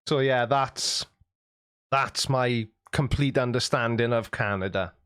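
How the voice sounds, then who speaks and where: A man hosts a live stream and reads viewer comments in a cheeky, joking way, laughing often. His pitch sits mid-range, and the sound is dry and close, with no room echo. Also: slow, a bit bright, clean tone. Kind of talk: casual chat reading out viewer comments.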